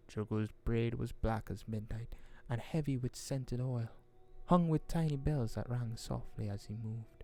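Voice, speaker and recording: A man reading a fantasy novel aloud in a relaxed, casual way, stumbling over words now and then. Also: mid-range voice, measured pace, soft background music. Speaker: audiobook reader. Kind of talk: casual audiobook reading with asides.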